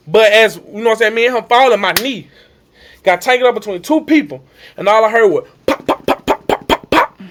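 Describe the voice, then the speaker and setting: A young man with a drawl recounts a personal story. His high voice swings widely, jumping up into cries and dropping low again. He acts out every shout and every line from the coaches. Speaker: vlogger telling his injury story. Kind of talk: emotional storytelling to camera.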